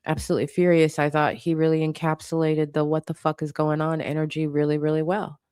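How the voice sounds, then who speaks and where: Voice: medium pitch, completely flat delivery, a little fast, a little mellow, clear, resonant tone, no room sound, clean studio sound. A channel host giving an impassioned commentary monologue, blunt and profane, hammering points home with repetition.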